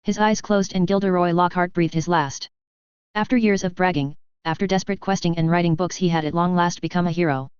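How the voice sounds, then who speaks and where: A woman narrating a fan fiction story in an even, unhurried reading voice. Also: fairly low pitch, smooth, no echo. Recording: dull dry lo-fi audio.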